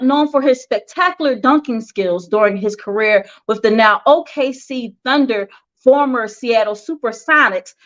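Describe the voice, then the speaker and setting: A woman's voice: high-pitched, fairly bright tone. A woman hosting a casual celebrity gossip news show, making opinionated asides between stories. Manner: chatty, opinionated asides with laughs. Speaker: host reading celebrity news. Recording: dull lo-fi sound.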